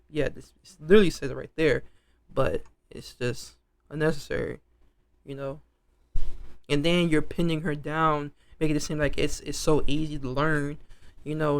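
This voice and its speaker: A man casually commenting while playing a dating game, reading choices aloud and judging them. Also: on the high side. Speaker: gaming streamer.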